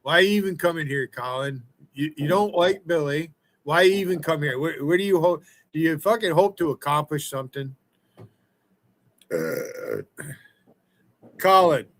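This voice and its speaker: A man's voice: on the high side, animated, moderate pace, pauses often, fairly bright tone, rough recording. A man hosting a livestream chat, swearing heavily and taunting a viewer in profane trash talk. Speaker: livestream host.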